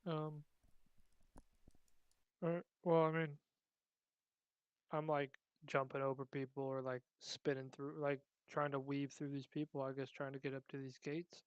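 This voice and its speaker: A man's voice: medium pitch, little pitch movement, measured pace, pauses often, clean tone, no room sound, lo-fi sound. A young man playing a tabletop game, joking and loose, with fillers. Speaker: player. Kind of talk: casual chat.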